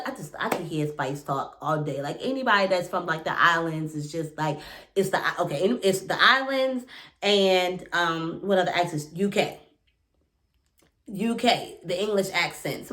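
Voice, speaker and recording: A woman giving a casual, animated reaction recap of a reality show, talking fast with lots of fillers and asides. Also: on the low side, a little hiss or hum.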